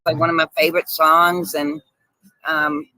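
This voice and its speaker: A woman guest telling lively stories in casual chat, laughing often over a video call. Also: low-pitched, unhurried, rough recording. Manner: animated storyteller, laughs often. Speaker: guest actress.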